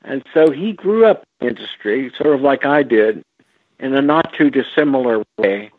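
A man, a guest on an interview show, recalling stories slowly with many fillers and restarts. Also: medium pitch, expressive, dry recording. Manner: slow, halting, with frequent fillers and restarts. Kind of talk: relaxed storytelling over a phone line. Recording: tinny phone line, dry.

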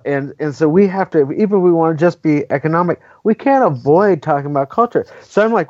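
A man's voice: a little high, a little fast, few pauses, darkish tone, dry recording. A man from California speaking as an interview guest, emphatic and opinionated, often tagging his points with "right?". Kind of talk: casual conversational interview. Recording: dull, lo-fi dry audio.

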